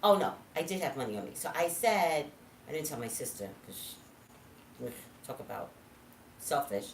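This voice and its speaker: A woman telling a story in casual monologue, animated, swinging from low asides to loud outbursts. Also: normal speed, far from the mic, slight background noise. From California. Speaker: psychic vlogger. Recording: echoey room, voice from off-mic.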